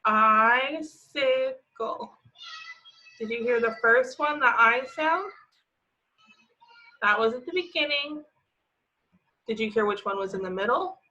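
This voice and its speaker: Bright-voiced woman teaching phonics. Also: on the high side, animated. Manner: slow, drawn-out sounding of words. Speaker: preschool teacher. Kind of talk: remote phonics lesson for young children. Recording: slightly dull lo-fi audio.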